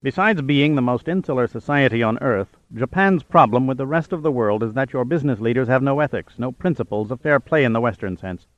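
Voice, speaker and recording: A man's voice: medium pitch, expressive, brisk, few pauses, no room sound, muffled recording, natural voice. A man voicing a blunt, frank American intelligence chief. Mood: stern. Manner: curt, frank.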